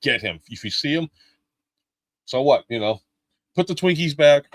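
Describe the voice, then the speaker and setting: A man's voice: fairly high pitch, animated, moderate pace, no room sound. A middle-aged man live-streaming a toy unboxing, chatting casually with jokes, swearing and lots of fillers.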